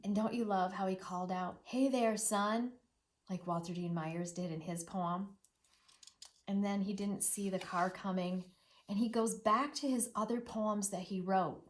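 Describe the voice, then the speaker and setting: A middle-aged woman teacher reading a children's novel aloud as a lesson. She talks expressively, repeats words in rhythm and drops to a hushed near-whisper at sad moments. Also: mid-range voice, fairly even intonation, normal speed.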